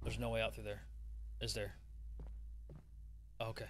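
A young adult man giving excitable, profane horror gameplay commentary and laughing often. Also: lowish voice, unhurried, a little hiss or hum. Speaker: gaming streamer.

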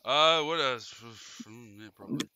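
A man's voice: mid-range voice, moderate pace, pushed and bright, smooth, low-quality recording. A man with a New Zealand accent hosting a gaming channel, chatting casually and laughing often while he plays. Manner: giggly, jokey, laughs often. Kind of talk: casual chat while playing a game.

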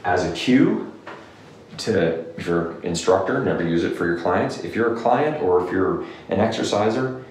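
A man with a low-pitched, darkish, expressive voice gives emphatic exercise guidance to camera at a moderate pace, often saying "okay?" He's a clinician, and the recording comes from a distant, somewhat off-mic position in a very echoey room with faint noise.

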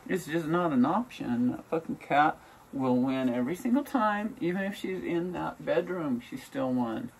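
A woman's voice: low-pitched, expressive, normal speed, a little mellow, recorded from a distance. A woman vlogging at home in a casual, rambling way, venting bluntly with lots of swearing. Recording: voice from away from the mic, faint room noise.

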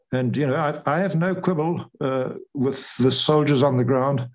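An older man tells his story in an interview, with a voice of ordinary middle pitch. He retells events with energy and slips into the voices of the people he quotes. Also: a little mellow, rough recording. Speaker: retired air force officer, guest.

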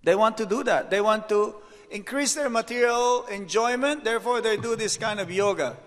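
A man, a monk, giving an unhurried devotional lecture, telling anecdotes and dropping rhetorical "hmm?" asides. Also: high voice, fairly bright tone. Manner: storytelling, reads out anecdotes. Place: temple hall. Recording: echoey hall reverb.

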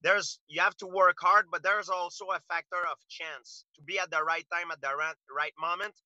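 A man's voice: sits high, fairly even intonation, normal speed, sharp tone, no room sound, dull audio. Earnest man. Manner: earnest storytelling with frequent restarts. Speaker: interview guest, fighter. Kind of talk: casual interview talk.

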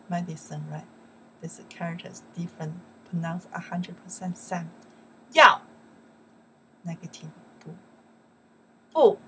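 A woman teaching vocabulary, who says words loud and slow and drops into soft, quick English asides. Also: fairly low pitch, a little hiss or hum. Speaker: Chinese teacher. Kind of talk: language lesson.

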